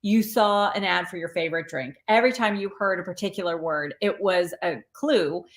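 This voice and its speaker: A woman's voice: fairly low pitch, moderate pace. A woman hosting a casual live stream who reads viewer comments aloud. She talks in a chatty, encouraging way, often restarting her sentences and praising her viewers. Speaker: live stream host and spiritual coach.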